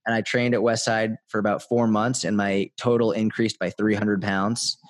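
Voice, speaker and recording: A young man telling a story as a podcast guest in casual chat, animated and full of "like" fillers. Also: on the low side, normal speed, no room sound.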